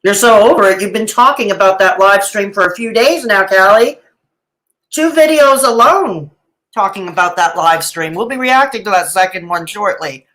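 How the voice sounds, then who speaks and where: A woman's voice: medium pitch, normal speed, fairly bright tone, poor audio. A middle-aged woman doing live reaction commentary, sarcastic and mocking, with dramatic asides and laughs. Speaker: reaction streamer.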